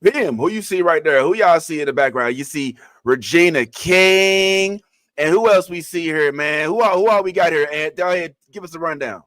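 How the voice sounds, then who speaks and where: A man hosting a casual live show, teasing his guest in an animated, joking way. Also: a little high, normal speed, no room sound, studio quality. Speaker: host. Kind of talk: casual chat.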